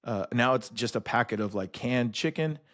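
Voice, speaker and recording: Young male host, mid-pitched, swears freely, lively storyteller. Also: normal speed. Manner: profane, animated storytelling. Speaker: podcast host. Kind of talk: casual chat.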